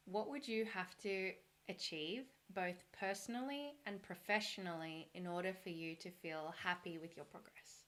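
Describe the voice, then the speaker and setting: A woman talking as a brand coach, earnest and encouraging, thinking aloud with a slightly hoarse voice. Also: mid-range voice, moderate pace, few pauses, a bit bright. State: a little hoarse. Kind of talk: solo talk on branding.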